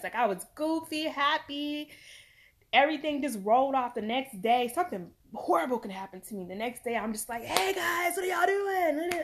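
A woman vlogging as a mother, talking earnestly and emphatically, swearing at times and close to tears. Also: on the high side. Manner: earnest, emphatic, swings from loud to quiet. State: near tears. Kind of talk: emotional personal vlog talk.

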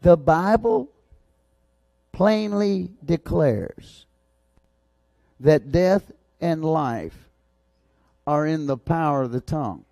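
A man preaching a sermon with a lilt and a notably high-pitched voice. He swings from booming, excited shouts down to low, urgent asides. The sound is close and dry, with no room around it. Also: slow pace, creaky, long pauses, dry recording. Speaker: pastor.

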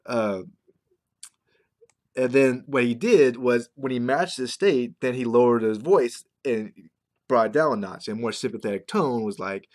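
In a casual talking-head video, a man with a medium-pitched voice speaks at a moderate pace. He's a marketing vlogger who rambles conversationally, repeatedly checking in with "right?"

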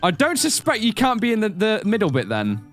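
A young man chatting excitedly with friends while gaming on a headset. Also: high-pitched, brisk, soft background music. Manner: excitable, laughing, animated. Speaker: gamer. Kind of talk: casual chat while gaming.

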